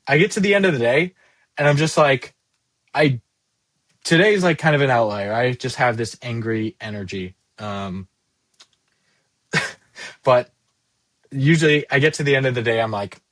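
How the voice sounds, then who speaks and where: This twentysomething SaaS founder's vlog is a profane, self-deprecating ramble delivered at a moderate pace with long pauses. His ordinary mid-pitched voice sounds a bit bright, and the room is dry with no echo.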